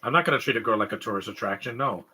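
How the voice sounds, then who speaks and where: A young man from Canada co-hosting a live stream, rambling through casual comedic chat. His voice is very bright and husky, and his talk is animated and digressive. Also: lowish voice, very fast. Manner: rambling, animated, mimics stutters and sobbing noises.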